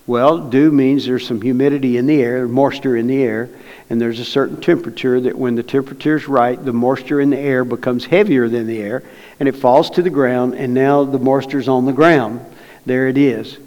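A man's voice: mid-range voice, steady tone, moderate pace, a little mellow, muffled recording. Folksy preacher man in a reverberant hall. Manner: folksy storytelling, plainspoken. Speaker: pastor. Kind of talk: sermon with personal story. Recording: long reverb of a large hall.

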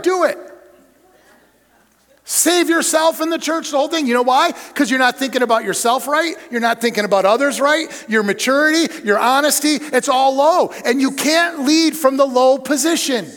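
A man's voice: extremely high pitch, a bit bright. A middle-aged man, a church superintendent, preaching a leadership talk with emphatic, punchy delivery. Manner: emphatic preacher, punchy lists, acted-out anecdotes. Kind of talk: sermon-style leadership talk. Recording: long hall reverb.

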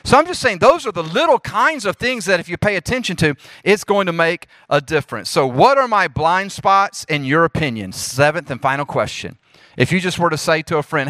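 Man, Southern accent, lively preacher to a youth group, bright forceful voice, dry sound. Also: on the high side, fairly quick, no echo. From Jackson, Mississippi. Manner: lively, preacherly, talks straight to the audience. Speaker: youth ministry speaker. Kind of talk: leadership talk to a youth group.

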